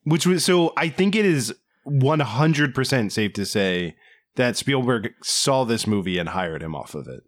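A man in casual podcast chat reviews a movie, his voice rising and falling in lively swings. He riffs with animated disbelief, piling up questions. His delivery stays conversational and quick to react. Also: medium pitch. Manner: animated, incredulous riffing. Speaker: podcast co-host.

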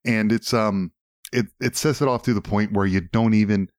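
Man, low pitch, dry close sound, rambling enthusiastic chat, swears freely. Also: steady tone, moderate pace, no room sound. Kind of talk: casual chat.

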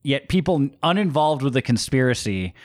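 Brief: male podcast co-host, emphatic, animated pitch, dry close sound. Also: normal speed, no echo. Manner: emphatic, conversational, frequent fillers. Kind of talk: casual movie review chat.

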